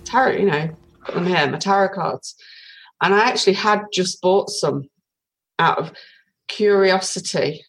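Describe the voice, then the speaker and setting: A woman from Britain in her forties tells a long story as a podcast guest, full of ums and restarts. Her voice sits a little low. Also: unhurried, long pauses, a little hiss or hum, low-quality recording. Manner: chatty storytelling with many fillers. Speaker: guest, tarot reader. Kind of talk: casual podcast interview.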